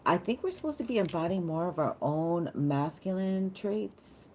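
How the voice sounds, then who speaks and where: A woman's voice: fairly low pitch, lively intonation, moderate pace, a little mellow, a little hiss or hum. A woman giving a chatty, meandering live tarot reading, easily delighted and talking straight to her viewers. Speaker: tarot reader.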